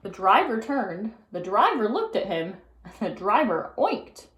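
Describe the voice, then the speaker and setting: A woman narrating a children's book aloud in an expressive storytelling manner. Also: mid-range voice, measured pace, a little hiss or hum. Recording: roomy echo.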